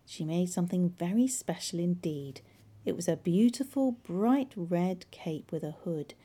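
Warm, expressive woman storyteller. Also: fairly low pitch. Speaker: librarian reading a story. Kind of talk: children's storybook narration.

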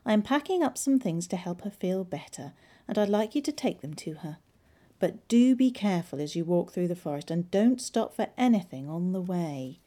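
A caring storybook mother gives gently firm instructions to her daughter, as a woman reader voices her. Her voice stays close to the reader's own, mellow and warm in tone, with a lively melody. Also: fairly low pitch, moderate pace, natural voice. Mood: cautioning.

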